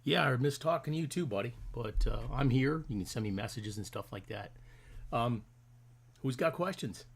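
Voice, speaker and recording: A man's voice: mid-range voice, lively intonation, moderate pace, slightly rough. A middle-aged man hosting a casual live stream, rambling in a friendly way and greeting his viewers by name.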